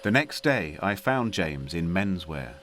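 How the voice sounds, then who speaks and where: A man with a very low voice narrates a documentary in a measured, dry way. His pitch rises and falls freely as he tells the story. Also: very animated, a bit bright, a little hiss or hum. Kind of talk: scripted narration.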